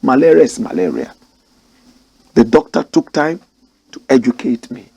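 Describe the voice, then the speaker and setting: A man's voice: mid-range voice, normal speed, creaky, mellow, slightly rough, no echo. A man from Ghana, telling a story and preaching opinions directly to his listeners. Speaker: commentator and host. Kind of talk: passionate storytelling commentary.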